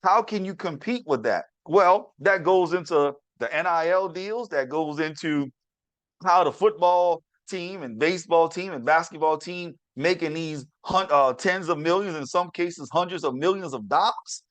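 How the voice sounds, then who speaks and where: Chatty high-voiced man storytelling. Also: normal speed, fairly bright tone, no room sound. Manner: chatty, repetitive, addresses listeners as y'all. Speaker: podcast host. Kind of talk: casual storytelling monologue.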